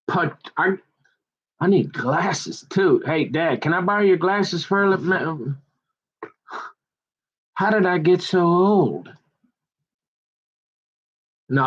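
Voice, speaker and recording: A middle-aged man chatting away in a loose, digressive ramble full of folksy phrasing. His voice sits a little higher than most men's. The recording is dull and lo-fi. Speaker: vlogger. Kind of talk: rambling casual chat.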